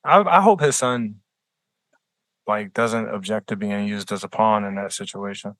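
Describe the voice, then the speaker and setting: A man's voice: lowish voice, moderate pace, fairly bright tone, no echo. A man co-hosting a podcast in casual chat, blunt and joking with plenty of profanity. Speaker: podcast co-host. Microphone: remote recording.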